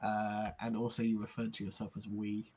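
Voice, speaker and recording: A man running a tabletop role-playing game as game master, calling rolls in a relaxed way. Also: fairly low pitch, moderate pace, crowd noise. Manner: calls rolls, plays side characters, relaxed.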